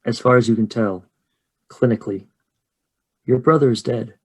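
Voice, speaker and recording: A man narrating a tabletop horror game as game master, with slow, measured description and often dropping quiet. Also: medium pitch, husky.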